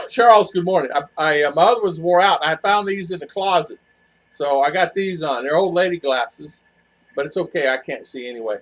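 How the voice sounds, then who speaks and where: A man's voice: on the high side, animated, a little fast, fairly bright tone, rough recording. An older man hosting a casual livestream, chatty and laughing easily as he greets viewers by name. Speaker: livestream host. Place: home in a cool hill town.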